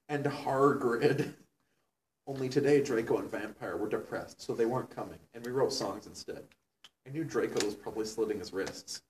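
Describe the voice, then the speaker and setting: A young man reads aloud with mock seriousness and stops now and then to comment. His voice sounds a little far from the mic in a roomy, echoing space. A faint hiss sits underneath. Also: on the low side. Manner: mock-serious, breaking into laughter and asides. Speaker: reader of a fan story. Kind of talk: comedic dramatic reading.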